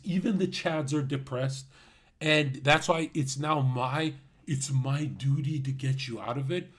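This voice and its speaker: A man streaming live, ranting at his chat in a brash, mocking way, swearing and laughing at his own jokes. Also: mid-range voice. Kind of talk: livestream rant.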